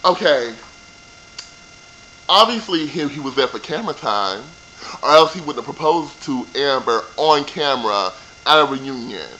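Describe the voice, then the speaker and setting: A man's voice: mid-range voice, animated, normal speed, bright, forceful tone, slight background noise, rough recording. Sassy, profane man ranting. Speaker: vlogger reviewing a reality show. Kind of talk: casual rant.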